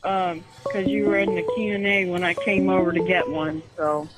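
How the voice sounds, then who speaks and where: Woman calling in, polite and chatty, music loud behind. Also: on the low side, little pitch movement, normal speed, poor audio. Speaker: caller. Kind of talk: casual chat.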